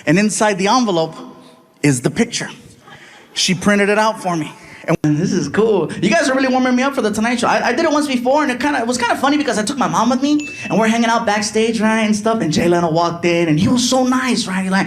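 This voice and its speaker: Animated high-voiced stand-up comedian. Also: male voice, fast talker. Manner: animated, chatty, ribs the audience. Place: live comedy stage.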